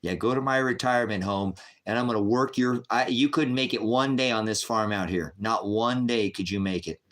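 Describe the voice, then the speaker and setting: A man's voice: lowish voice, moderate pace, fairly bright tone. A man in his fifties hosting a live chat, bluntly firing back at trolls with repeated retorts. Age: 50s. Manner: combative, answering trolls in chat. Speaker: livestream host.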